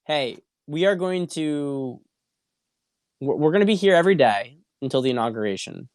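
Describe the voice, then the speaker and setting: A male host talks through viewer questions on a casual livestream, blunt and sometimes profane, repeating his points. His voice is smooth and resonant at a middling pitch. The sound is dry and close, with almost no room behind it. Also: animated, normal speed, no room sound. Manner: blunt and profane, with frequent repetition and restarts. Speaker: show host.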